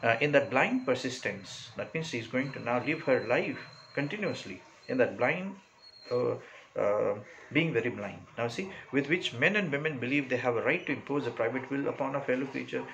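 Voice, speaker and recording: A male English teacher explaining a short story to a class, talking through it slowly, asking "right?" after each point and filling pauses with "uh". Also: mid-range voice, fairly bright tone, a little hiss or hum, low-quality recording. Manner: explanatory, checks in with "right?" and many "uh" fillers.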